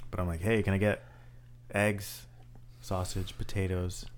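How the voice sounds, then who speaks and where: A man's voice: low-pitched, flat delivery, measured pace, slight background noise. A man co-hosting a podcast, telling a joking story with casual swearing. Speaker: podcast co-host. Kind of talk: casual chat.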